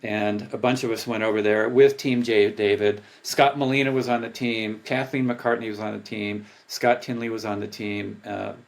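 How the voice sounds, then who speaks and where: An older man, a former pro triathlete, telling stories in a casual interview, animated and laughing, acting out his past thoughts. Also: on the low side, moderate pace, vocal fry, few pauses. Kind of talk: casual storytelling.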